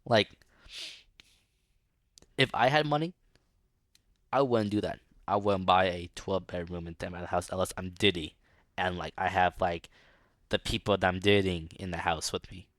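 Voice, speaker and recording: A man's voice: low-pitched, normal speed, long pauses, fairly bright tone, dry recording, clean studio sound. A young man reading a book aloud and breaking off for casual, rambling, mocking commentary. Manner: rambling, casual, lots of fillers. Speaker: book reader.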